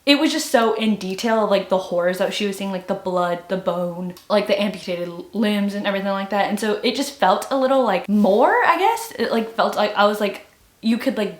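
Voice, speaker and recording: A young woman chatting casually in a vlog, rambling with lots of filler words. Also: mid-range voice. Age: young adult. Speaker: booktuber. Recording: echoey room.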